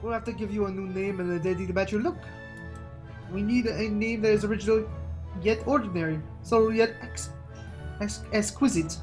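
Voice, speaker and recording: A self-assured bird lawyer from a video game, read aloud by a woman, declaring each line with theatrical flourish. The voice sits at an ordinary middle pitch. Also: a little fast, darkish tone, faint music behind, natural voice. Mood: grand.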